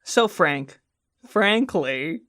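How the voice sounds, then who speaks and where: A woman co-hosting a comedy podcast, switching between reading a story aloud and bursts of joking commentary. Her mid-range voice swings widely in pitch. The sound is dry and close. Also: drawn-out words, no echo. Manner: reads a story aloud, then jokes about it in animated bursts. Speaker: podcast co-host.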